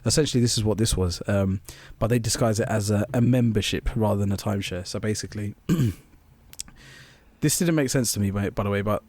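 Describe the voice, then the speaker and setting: A man's voice: on the low side, normal speed, darkish tone. A young man co-hosting a podcast, telling a story in casual chat with swearing and bursts of laughter. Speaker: podcast co-host.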